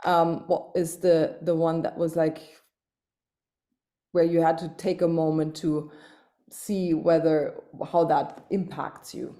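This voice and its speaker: A woman interviewing a guest, asking quick, rambling questions. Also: low-pitched, little pitch movement, warm tone. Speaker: interviewer, host. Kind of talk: conversational interview.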